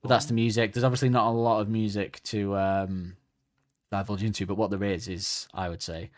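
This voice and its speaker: Casting note: male co-host, lowish voice, loose rambling podcast chat. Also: little pitch movement, fairly quick. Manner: chatty, rambling, hedging asides. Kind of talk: casual music podcast chat.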